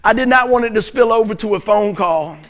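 A middle-aged man preaching a sermon as pastor, animated and joking, telling stories and acting out voices. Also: sits high, brisk. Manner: animated, joking storyteller who acts out voices.

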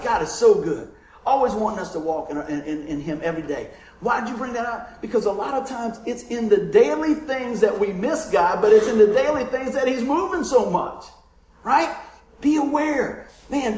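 A man preaching a sermon, telling stories in a lively way and calling out for amens from his congregation. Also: high voice, slight background noise. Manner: lively storytelling, calls for amens. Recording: roomy echo.

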